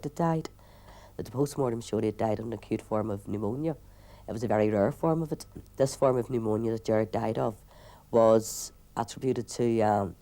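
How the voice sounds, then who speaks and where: A woman with a Belfast accent, a community campaigner speaking earnestly and haltingly in a documentary interview. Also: extremely low pitch, dark tone.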